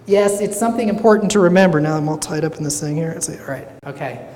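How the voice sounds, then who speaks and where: A woman with a lowish voice gives a joking, interactive talk, speaking as a venture capitalist to a room of listeners. Her voice rings with a long hall reverb, and faint noise hums behind it. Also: quick pace, darkish tone. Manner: joking, engaging the audience.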